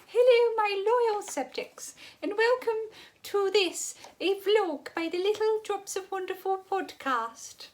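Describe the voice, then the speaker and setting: A woman plays a grand, high-pitched regal lady addressing her subjects. Slow and plummy.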